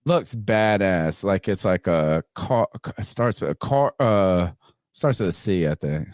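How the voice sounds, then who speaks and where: A man telling a wild story on a podcast, swearing freely and jumping into loud voices for himself and his friend. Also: deep voice, unhurried, no echo, studio quality. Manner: animated, swearing, acts out both sides in raised voice. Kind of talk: casual profane storytelling.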